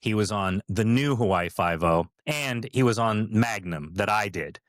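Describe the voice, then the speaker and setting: This middle-aged man co-hosts a podcast and is a former cast member, with a fairly low, animated voice and a slightly slow pace. He tells stories in a casual chat full of fillers and restarts, recorded cleanly in a studio with no room sound.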